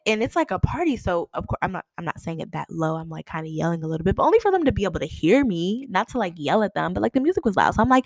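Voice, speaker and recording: A woman's voice: medium pitch, very animated, quick pace, few pauses, no room sound. A young woman casually telling a story, acting out the quoted lines with big jumps in her voice.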